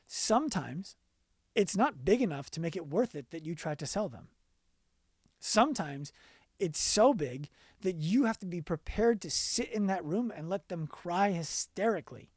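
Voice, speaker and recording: A man being interviewed on a podcast as a business coach, telling stories earnestly and going quiet for the emotional parts. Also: high-pitched, no echo, clean studio sound.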